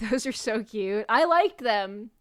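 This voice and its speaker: Young woman, VTuber streamer, casual chat, playful, laughs a lot, unhurried delivery. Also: on the high side, expressive, fairly bright tone, smooth.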